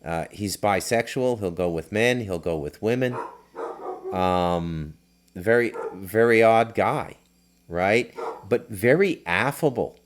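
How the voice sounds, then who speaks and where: A man's voice: on the low side, expressive, slow, noisy background. A middle-aged man hosting a podcast, telling loose, rambling stories with lots of fillers and restarts. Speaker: podcast host. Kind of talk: casual storytelling.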